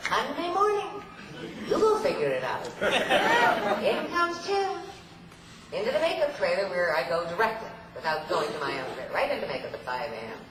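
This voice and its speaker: A woman's voice: lowish voice, sing-song, normal speed, crowd noise, background noise. A woman telling theatrical, playful anecdotes to a convention audience, laughing often, from a stage in a large hall. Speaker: convention guest speaker. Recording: echoey hall, voice far from mic, loud ambience.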